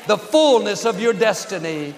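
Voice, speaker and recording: A man's voice: sits high, big pitch swings, normal speed, big-room sound, a little hiss or hum. A man preaching an encouraging sermon as pastor, speaking in short rhythmic phrases and firm declarations.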